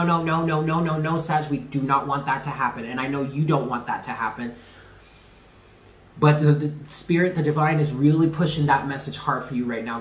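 A man's voice: mid-range voice, a bit bright, roomy sound, rough recording. A man giving a casual tarot reading to camera, talking in an emphatic, chatty way and repeating himself with slangy asides. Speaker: tarot reader.

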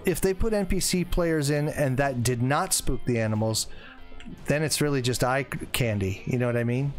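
A man in his forties streaming a hunting game, chatting casually, reading viewer comments aloud and reacting to them. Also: medium pitch. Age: 40s. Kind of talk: casual live-stream chat while playing.

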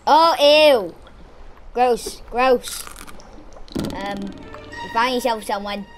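A woman giving excitable, chatty let's-play commentary, exclaiming as she plays. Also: on the high side, extremely slow, music in the background. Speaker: gamer.

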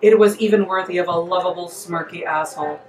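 A woman author reading her comic story aloud in a lively, playful way. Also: lowish voice, brisk, roomy sound, distant mic, low-quality recording. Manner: lively, playful, breaks into laughter.

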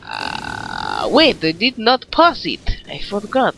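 A young man with a put-on Russian accent, commentating his gameplay in excitable, exclamatory, playfully broken English. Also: a little high, slow pace, vocal fry, music in the background. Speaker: gaming commentator. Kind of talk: let's-play commentary.

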